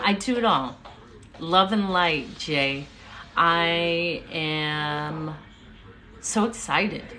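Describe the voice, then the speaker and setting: A woman in middle age talks to her livestream audience through a phone, sounding as if she is at home in her kitchen. Her voice sits low, and she takes her time with each phrase. She comes across as effusive and upbeat, with faint noise underneath her voice. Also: sharp tone. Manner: effusive, upbeat, thanks viewers by name. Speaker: livestream storyteller and speaker. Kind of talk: casual livestream chat with viewers.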